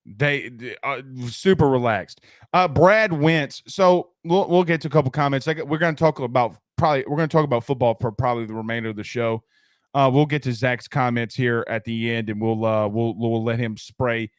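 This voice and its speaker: A man's voice: medium pitch, moderate pace, clean tone, no room sound, clean studio sound. A man hosting a casual live sports talk stream, loose and slangy, reading out viewer comments and an ad. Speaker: sports talk show host.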